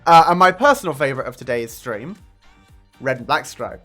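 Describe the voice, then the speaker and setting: A young man in his twenties, chatting casually with viewers on a live stream in a room at home. He talks into a desk microphone and swears a lot. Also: fast. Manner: chatty and profane, with sudden high excited jumps. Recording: faint music under the voice. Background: faint music.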